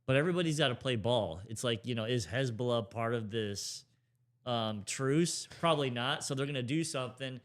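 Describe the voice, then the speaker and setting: A man with a clear, smooth voice at a middle pitch co-hosts a podcast. He chats casually and rambles, hedging and restarting as he goes. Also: animated, normal speed. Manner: rambling, many restarts and hedges. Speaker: podcast co-host. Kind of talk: casual chat about current affairs.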